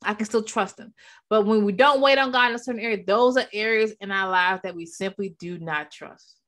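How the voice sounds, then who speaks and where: A woman's voice: mid-range voice, fairly quick, fairly bright tone. A woman teaching from the Bible in a preaching style, leaning hard on repeated key words and calling out to her listeners as she speaks into a microphone.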